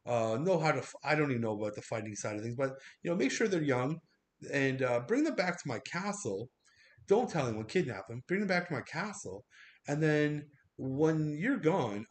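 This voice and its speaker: A man's voice: fairly high pitch, a little hiss or hum. A man voicing a laid-back male vampire lord who hands out orders in casual slang, as an improvised comic bit. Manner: casual, slangy, offhand commands.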